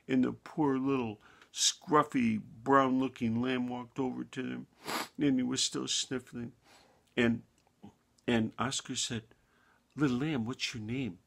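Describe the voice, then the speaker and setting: A man narrating a bedtime story in a gentle, unhurried manner with small restarts. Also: medium pitch, level tone, gravelly.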